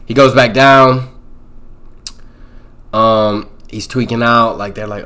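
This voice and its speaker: A man's voice: flat delivery, unhurried, pushed and bright. Young man recapping a movie, slangy. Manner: slangy, rambling, punctuates with "boom" and "bro". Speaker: movie reviewer.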